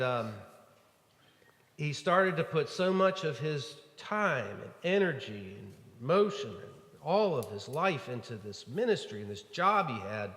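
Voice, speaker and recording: A man's voice: medium pitch, fairly bright tone. Male pastor, easygoing storytelling sermon, recorded in a reverberant sanctuary. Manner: storytelling, conversational with frequent fillers. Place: church sanctuary. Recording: echoey church hall.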